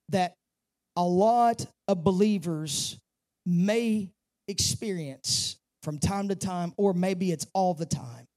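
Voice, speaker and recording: A man's voice: high-pitched, darkish tone. A male pastor giving a sermon in a church, pushing his voice up on key phrases and dropping into chatty asides. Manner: preaches with rising emphasis and casual asides. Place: church sanctuary.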